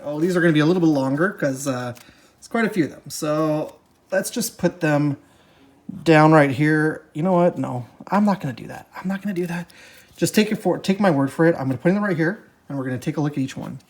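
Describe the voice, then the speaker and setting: Casual unboxing host, mid-pitched, halting and self-correcting, upbeat, cards shuffling behind. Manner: upbeat, easily delighted. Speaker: board game unboxing presenter.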